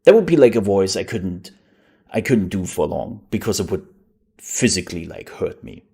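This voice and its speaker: A man's voice: sits low, sing-song, normal speed, vocal fry, mellow, husky. A man streaming live, chatting casually and joking often.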